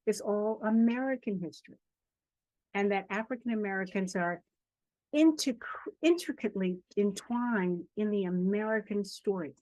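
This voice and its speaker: An older woman speaks as an author in an interview, earnest and steady, leaning on repeated phrases for emphasis. Her voice sits at a middle pitch. The sound is dry and close. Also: no echo. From Charleston, South Carolina family; grew up in Harlem. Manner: earnest storytelling, emphatic repetition. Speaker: children's author and guest. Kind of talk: podcast interview.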